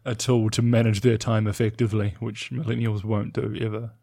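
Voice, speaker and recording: A man's voice: lowish voice, little pitch movement, brisk, vocal fry, warm tone. A man co-hosting a casual podcast, laughing often and swearing playfully as he teases his co-host.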